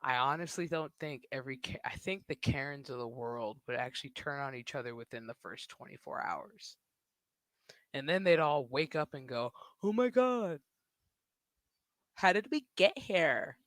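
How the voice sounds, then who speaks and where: A man's voice: medium pitch, moderate pace, fairly bright tone, dry recording. A man streaming live, ranting casually in a crude, mocking way and often breaking into laughter. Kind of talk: casual livestream rant.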